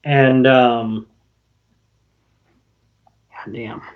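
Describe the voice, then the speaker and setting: A man's voice: mid-range voice, steady tone, very slow. A man co-hosting a podcast, recapping an episode in loose casual chat and swearing now and then. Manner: loose and swearing, quoting characters in passing. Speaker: podcast co-host. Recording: dull lo-fi audio.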